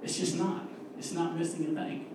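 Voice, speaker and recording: A man preaching an earnest, emphatic sermon and reading scripture, slowing down to stress key words, recorded from a distance in a church. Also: a little high, flat delivery, heavy reverb, noisy background. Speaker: lay preacher. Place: church sanctuary.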